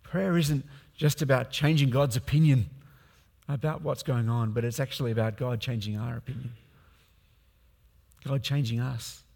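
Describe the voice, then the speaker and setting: A man's voice: medium pitch, fairly even intonation, normal speed, gravelly, long pauses, a little mellow, in a large hall. A man preaching a sermon as a pastor, speaking conversationally with many fillers and restarts.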